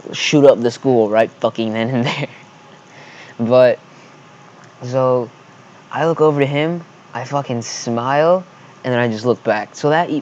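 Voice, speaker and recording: A man in a storytime vlog, his voice sitting at an ordinary middle pitch. He rambles heatedly and swears constantly. The recording sounds a little dull and muffled. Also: a little mellow, slight background noise. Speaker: vlogger.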